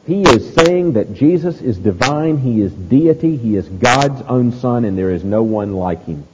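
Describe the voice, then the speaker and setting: A man's voice: medium pitch, expressive, normal speed, few pauses. Emphatic man preaching in a reverberant hall. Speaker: pastor. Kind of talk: expository sermon. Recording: long hall reverb, loud hiss.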